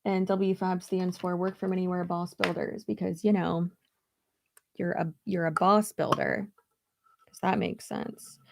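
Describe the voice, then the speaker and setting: A woman's voice: lowish voice, level tone, a little slow, creaky, no room sound. A woman chatting casually on a livestream while getting ready, blunt and sarcastic, swearing freely as she talks. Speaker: beauty YouTuber. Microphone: streaming setup at home.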